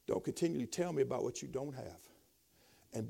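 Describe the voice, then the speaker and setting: A middle-aged man preaching a sermon as a pastor, dropping to quiet tones and then rising to loud exhortation. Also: fairly high pitch, sing-song, normal speed, gravelly, pauses often.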